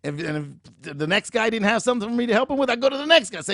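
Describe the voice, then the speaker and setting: Animated storytelling man, gravelly voice. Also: high-pitched, rapid-fire, hardly any pauses, no room sound, studio quality. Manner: animated, emphatic, acts out dialogue. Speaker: show host, motivational speaker. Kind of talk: motivational storytelling.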